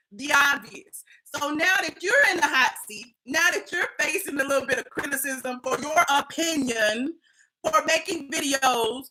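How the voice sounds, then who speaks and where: A woman hosting a livestream of gossip commentary, sassy and animated, often laughing. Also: high-pitched, rough recording. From Atlanta, US. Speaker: host.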